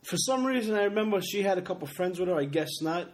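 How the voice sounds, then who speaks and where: A man hosting a casual podcast, trading crude jokes and quick asides. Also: sits high, animated. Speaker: podcast host. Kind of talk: casual chat.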